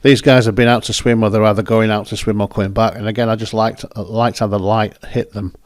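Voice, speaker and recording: A man's voice: on the low side, level tone, fairly quick, no room sound, studio quality. A man hosting, chatting casually and rambling as he talks through his photos. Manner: rambling, self-correcting, chatty. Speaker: photographer and host. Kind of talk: casual commentary over photos.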